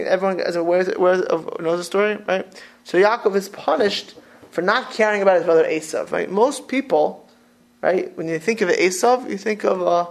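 A man teaches an informal Torah class in a high, gravelly voice. He is animated and stumbles through restarts, mixing Hebrew phrases into his English. The rasp of fry sits under his words.

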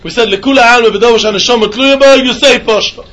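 A man teaching a Talmud lesson in a yeshiva style, with an animated singsong delivery. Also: very high voice, fast, few pauses. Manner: animated singsong, mixing Yiddish and Hebrew terms.

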